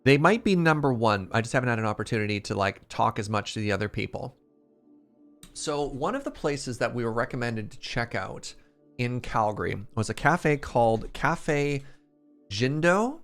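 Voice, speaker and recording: A man telling a casual, animated story on a stream, excitable and quick with quoted asides. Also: mid-range voice, faint music behind.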